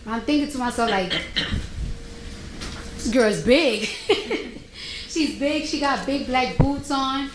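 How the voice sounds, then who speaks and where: A woman's voice: high-pitched, slow pace, long pauses, roomy sound, background noise. A woman testifying in court, animatedly retelling a confrontation and quoting both sides. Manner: animated retelling with quoted dialogue. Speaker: witness testifying.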